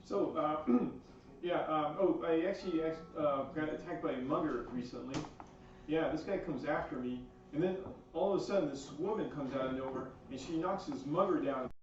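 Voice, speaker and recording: A man doing a stand-up comedy set in a small cafe, delivering deadpan one-liners with fillers. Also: fairly high pitch, normal speed. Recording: far-off echoey lo-fi room recording with noise.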